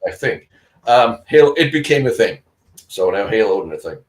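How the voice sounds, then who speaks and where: A man's voice: medium pitch, expressive, normal speed, a little hiss or hum, poor audio. A middle-aged man from Denmark, co-hosting a casual live-stream chat, a chatty storyteller who laughs often and acts out the voices of other people.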